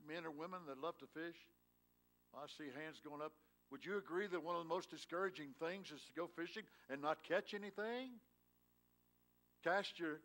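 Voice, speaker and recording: A man's voice: fairly high pitch, fairly bright tone. A male pastor preaching a sermon in a church, telling a Bible story in a folksy way and rising with emphasis. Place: church sanctuary.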